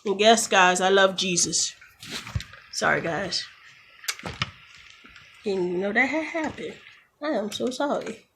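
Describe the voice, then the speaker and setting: A woman's voice: medium pitch, fairly bright tone, a little hiss or hum. A woman beauty vlogger chatting casually through a nail tutorial, joking and getting exasperated, recorded on a camera phone. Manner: chatty, quick to get exasperated, jokey asides.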